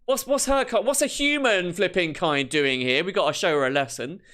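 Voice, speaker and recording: A man's voice: high voice, a little fast, fairly bright tone. A man voicing a gang of wild boars, talking brashly and indignantly.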